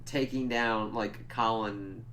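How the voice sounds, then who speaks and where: A man's voice: on the low side, steady tone, takes it slowly, pushed and bright, a little hiss or hum. Rambling, profane male episode reviewer. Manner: rambling, profane retelling full of "like". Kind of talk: casual spoiler review recap.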